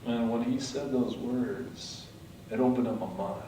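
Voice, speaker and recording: A man giving a motivational speech, telling his story dramatically, swinging from hushed to loud. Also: mid-range voice, unhurried, recorded from a distance, a little hiss or hum. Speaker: motivational speaker. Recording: echoey hall, mic from afar.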